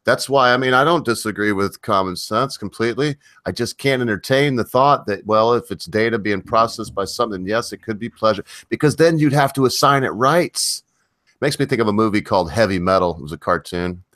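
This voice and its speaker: A man hosting a casual live stream chat. He has a very low voice and rambles from one tangent to the next. The sound is dry and close. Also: fairly quick, a bit bright, no echo. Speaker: host.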